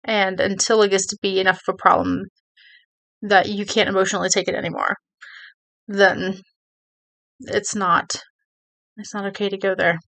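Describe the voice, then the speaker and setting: A woman's voice: mid-range voice, level tone, moderate pace, gravelly, pauses often, fairly bright tone. A woman talking to her viewers, giving earnest advice in a rambling way, with many restarts and "you know"s. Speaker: video creator. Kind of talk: casual advice talk to camera.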